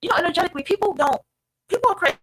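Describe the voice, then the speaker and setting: A woman's voice: very high-pitched, expressive, rapid-fire, fairly bright tone, a little hiss or hum, low-quality recording. A woman hosting an online podcast, talking casually and emphatically to her listeners and swearing freely. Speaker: podcast host. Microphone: streamed online podcast.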